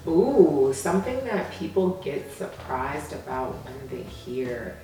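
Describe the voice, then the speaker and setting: A woman relationship coach, a guest in a casual chat, who gives advice in a calm, measured way. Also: extremely low pitch, far from the mic. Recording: echoey room, voice from off-mic.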